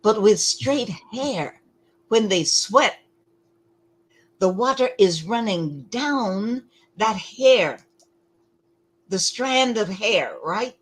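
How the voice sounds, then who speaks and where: A woman giving lecture-style commentary, deliberate and emphatic, often pausing to ask rhetorical questions. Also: medium pitch, animated, breathy edge, poor audio.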